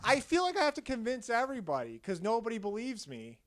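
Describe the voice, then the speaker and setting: Animated high-voiced man teasing his co-host. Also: fast. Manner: teasing, animated, swears freely. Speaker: podcast co-host. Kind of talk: casual comedy podcast chat.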